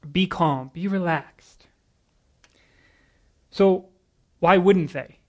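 This man's voice is high-pitched, and he draws out his words. As a guest preacher giving a sermon to a congregation, he comes across as earnest, somewhat nervous, but lively. Humor and casual asides break up his scripture readings.

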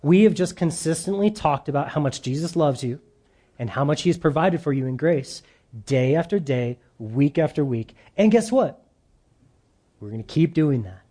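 Animated male pastor with a mellow voice. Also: a little high, normal speed. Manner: animated, drops to soft emphasis at phrase ends. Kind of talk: sermon.

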